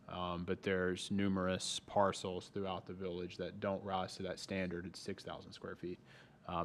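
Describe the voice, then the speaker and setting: A man on a town's planning staff, explaining zoning rules at a public meeting in a measured way with frequent restarts. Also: low-pitched, slight background noise. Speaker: town planning staff member. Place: town hall meeting room.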